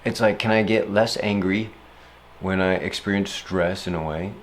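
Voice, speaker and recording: A young man talking casually about handling stress, playful and animated, often slipping into silly voices and acted-out quotes. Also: low-pitched, moderate pace, a little hiss or hum. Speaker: speaker reflecting on stress. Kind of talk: casual reflective monologue.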